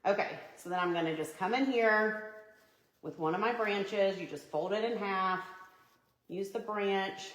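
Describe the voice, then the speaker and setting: A woman's voice: mid-range voice, measured pace, reverberant, low-quality recording. A woman hosting a live Christmas decorating tutorial, chatty and upbeat, greeting viewers by name. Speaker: home decor livestream host. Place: home living room by a Christmas tree.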